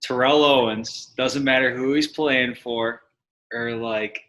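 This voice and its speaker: A man guests on a casual football podcast with a bright, forceful tone. He chats loosely and trips over his words now and then. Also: mid-range voice, fairly even intonation, takes it slowly. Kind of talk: casual chat.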